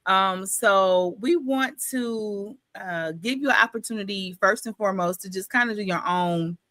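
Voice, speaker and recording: A woman's voice: medium pitch, measured pace, pushed and bright, no echo. A woman with a New York accent hosting a live book club interview, playful and teasing, full of slang. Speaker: host.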